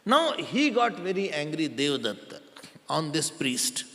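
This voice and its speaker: Male spiritual teacher, high animated voice, quizzes his listeners, long hall reverb. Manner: quizzes the audience, repeats names; chants verses slowly. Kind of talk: storytelling discourse.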